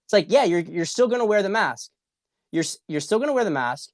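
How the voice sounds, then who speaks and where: A man's voice: high-pitched, big pitch swings, brisk, no echo, clean studio sound. A man hosting a political talk stream, ranting in a rambling, repetitive and profane way with a lot of heat. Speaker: political commentary host. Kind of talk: casual livestream monologue.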